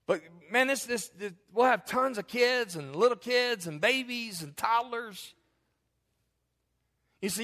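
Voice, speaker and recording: A male pastor preaching an animated sermon, repeating phrases for emphasis and joking with his congregation, recorded in a church. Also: very high voice, a little slow. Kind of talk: sermon with humorous asides. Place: church sanctuary. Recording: long reverb of a church hall.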